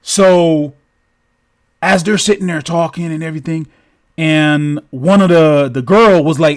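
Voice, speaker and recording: A man spinning a story off the cuff, profane and rambling. He mouths the thud sounds himself and keeps circling back. His voice sits a little high for a man. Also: normal speed. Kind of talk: casual improvised storytelling.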